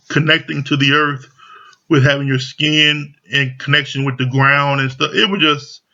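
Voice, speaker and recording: A man's voice: fairly high pitch, vocal fry, sharp tone. A man casually recapping a reality show, talking loosely with lots of slang and fillers. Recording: dull lo-fi audio.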